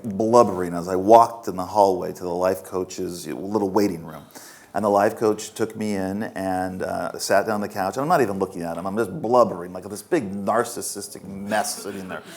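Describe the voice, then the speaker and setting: A man's voice: lowish voice, moderate pace, vocal fry. A man in his fifties, an author answering audience questions at a festival with frank, self-mocking stories. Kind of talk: candid storytelling at a festival Q&A. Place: festival stage before an audience.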